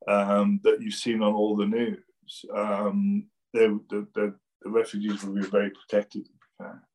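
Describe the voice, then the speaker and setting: Plain-spoken low-voiced man. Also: monotone, a little slow, a little mellow, rough recording. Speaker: guest, financial planner. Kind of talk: casual conversation.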